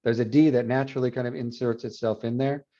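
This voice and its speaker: A male Spanish professor giving an animated university lecture, repeating example words aloud to demonstrate. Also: mid-range voice, fast talker. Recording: dull lo-fi classroom recording.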